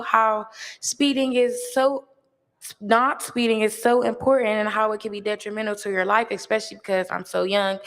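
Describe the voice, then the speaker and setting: A teenage girl with a fairly high voice gives a personal testimony, earnest and halting with frequent fillers. Her voice rings out with a long hall reverb. She comes across as a young student speaker addressing a gathering. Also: a bit bright. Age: teens.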